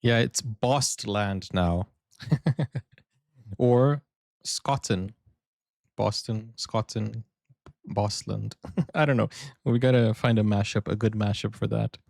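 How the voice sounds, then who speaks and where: A man's voice: on the low side, slow, vocal fry, pauses often, darkish tone, dry recording, studio quality. A man hosting a sports reaction video, joking around and laughing often in casual commentary. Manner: joking, laughs often, explains his banter.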